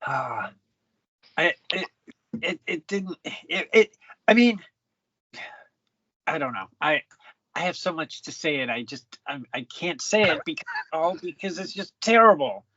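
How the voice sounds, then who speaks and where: Podcast co-host, lively halting delivery, mid pitch, dry and slightly dull sound. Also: breathy edge, no echo. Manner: hesitant, restarts, exasperated. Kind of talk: casual movie review chat.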